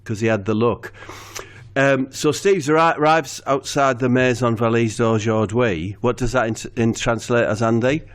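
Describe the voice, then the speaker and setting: A man, telling a rambling comic story to a co-host in a deadpan way. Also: mid-range voice, normal speed. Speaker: comedy podcast storyteller.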